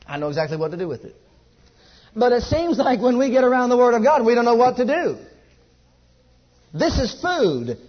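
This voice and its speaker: High-voiced husky male preacher. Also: highs cut off. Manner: emphatic, repeating exhortations, dropping to a hush. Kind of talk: sermon.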